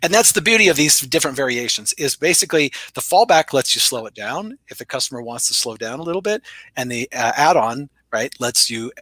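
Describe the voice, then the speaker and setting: A middle-aged man, a sales author and guest, telling stories in a lively way and acting out both sides of the dialogue. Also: brisk, dry recording. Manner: energetic, acts out dialogue with big pitch jumps. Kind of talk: storytelling interview talk.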